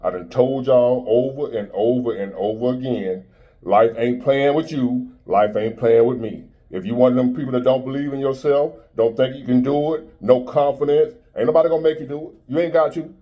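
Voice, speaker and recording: A man's voice: medium pitch, moderate pace, muffled recording. A man in his fifties giving a blunt, preachy motivational monologue in street-style talk. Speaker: motivational speaker.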